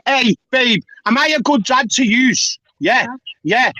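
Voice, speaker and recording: A man in a heated live-stream argument, swearing and shouting insults while demanding quiet again and again. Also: very high-pitched, lively intonation, a little slow, dull audio, a little hiss or hum.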